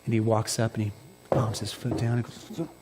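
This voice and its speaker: Animated male preacher in an echoey church. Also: fairly low pitch, moderate pace, heavy background noise. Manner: animated storytelling, swinging from loud emphasis to hushed. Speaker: pastor. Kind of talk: sermon.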